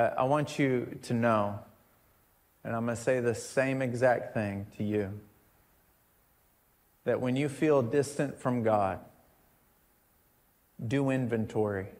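A man preaching in a church service, telling stories conversationally with emphatic repetitions. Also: mid-range voice. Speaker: pastor. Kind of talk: sermon.

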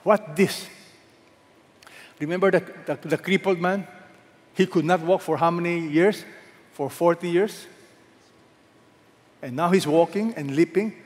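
A man's voice: sits high, measured pace, pauses often. A man preaching a sermon as pastor, emphatic, asking the congregation questions and having them read along. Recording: echoey hall with long reverb.

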